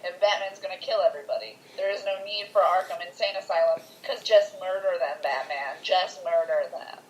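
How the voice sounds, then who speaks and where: A woman co-hosting a casual podcast, lively and joking, acting out quotes. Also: fairly low pitch, fairly quick, rough recording. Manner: lively, jokes and acts out quotes. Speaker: podcast co-host. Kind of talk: casual chat.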